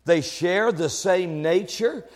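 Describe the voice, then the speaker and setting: A male preacher delivering a sermon, swinging between quiet, conversational asides and loud, shouted proclamations. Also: high voice, takes it slowly, in a large hall.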